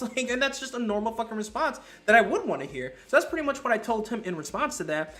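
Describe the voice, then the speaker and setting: A man's voice: extremely high pitch, animated, fast, few pauses, fairly bright tone, faint music behind. Profane ranting man, podcast co-host. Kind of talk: casual political podcast chat.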